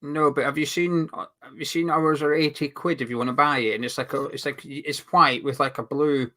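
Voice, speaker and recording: Bright-voiced man reading fan comments. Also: a little high, steady tone, fairly quick. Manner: rambling, reads out viewer names and comments. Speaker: fan channel co-host. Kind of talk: casual football fan chat reading viewer comments.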